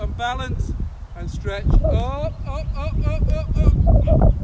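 A man coaching young children through a playful movement game, animated and full of sound effects. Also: extremely high pitch, heavy background noise. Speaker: kids' soccer coach.

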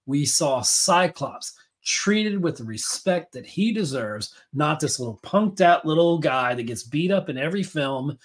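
A man's voice: fairly high pitch, expressive, measured pace, few pauses. A man hosting a podcast, talking in a rambling, enthusiastic way with many fillers and restarts. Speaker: podcast host. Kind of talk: casual chat.

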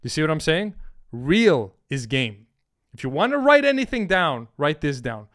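A man's voice: on the high side, sing-song, a little fast, a bit bright. A man talking as a dating coach in a brash, emphatic and profane advice monologue.

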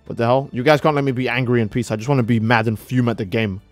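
A young man live-streams a game, chatting fast and reading out donations in a laid-back, profane way. His voice jumps high when he gets excited, and the dry recording has faint music behind it.

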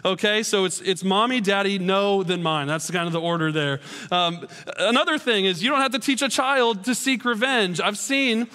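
A man's voice: high voice, normal speed, bright, forceful tone. A man, a pastor in his thirties, giving a sermon in a church auditorium and telling stories with self-deprecating humor. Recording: long hall reverb.

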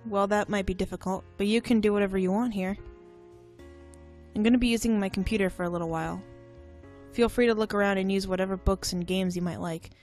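A woman voicing a calm, protective young man in a dating game, speaking in soft, reassuring tones with a controlling edge. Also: mid-range voice, fast talker, soft background music, natural voice. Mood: gentle.

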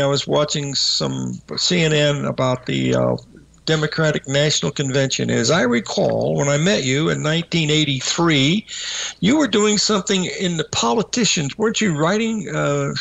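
A man's voice: fairly high pitch, vocal fry, a bit bright, no echo. An older man from Southern Indiana hosting a radio show, chatting in a folksy, drawling way with his guest. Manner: folksy, drawling, chuckles along. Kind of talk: casual on-air chat.

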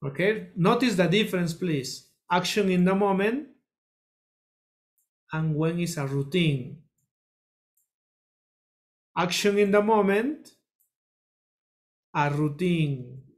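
A teacher leads a children's English lesson in a classroom. The pace is unhurried and deliberate, with key phrases drilled again and again. Students are called on one by one to answer. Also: medium pitch. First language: Spanish. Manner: slow, repetitive drilling, calls on students.

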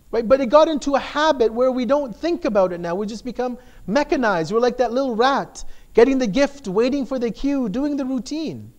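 A man's voice: very high-pitched, animated, fairly quick, hardly any pauses. A man giving a conversational sermon as a shaykh, explaining with frequent "right?" tags and emphatic repetition.

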